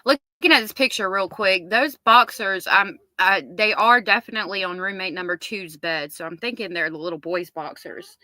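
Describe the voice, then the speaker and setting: A woman hosts a casual livestream. She reads viewer comments aloud and chats about them. Her voice is bright and forward, and the sound is close and dry with no room. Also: mid-range voice, moderate pace, few pauses, no echo. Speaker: livestream host.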